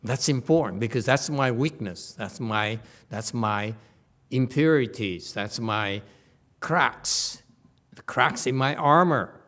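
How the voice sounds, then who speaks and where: A man giving a casual Buddhist dharma lecture as teacher, animated and joking, repeating words and mimicking voices. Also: medium pitch, slow. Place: temple lecture hall.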